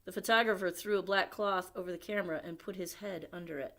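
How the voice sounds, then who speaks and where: A woman at a library reading a picture book aloud, expressive, with chatty asides to young listeners. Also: on the low side, fast talker. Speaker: library storyteller.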